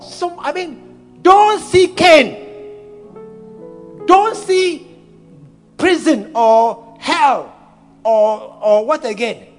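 A man preaching a playful, storytelling sermon, laughing as he goes. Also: very high voice.

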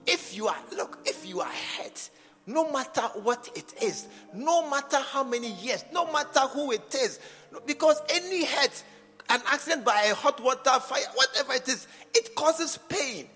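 A Ghanaian archbishop preaches a sermon in a high, lively voice that leaps up and down. His tone is bright and sharp, and he repeats phrases, dropping to a near-whisper before pushing up loud again. The sound carries the long reverb of a church hall, with faint music underneath. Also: moderate pace. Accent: Ghanaian English.

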